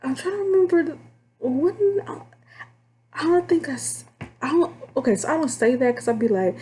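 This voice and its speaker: A young woman from Texas with a Texan accent, candidly telling stories about her call center job in a casual, animated, drawling way. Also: fairly high pitch, moderate pace. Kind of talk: casual storytime vlog.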